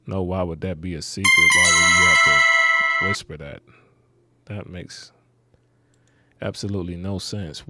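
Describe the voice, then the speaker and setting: A man hosting a reaction video, rambling and skeptical, muttering asides as he comments. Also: low voice.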